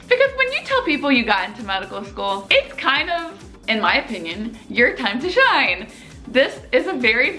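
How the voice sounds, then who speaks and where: Young woman, vlogger, bright voice, swooping pitch, animated storyteller, faint music behind. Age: 20s. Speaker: medical student, vlogger. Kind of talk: casual storytime vlog.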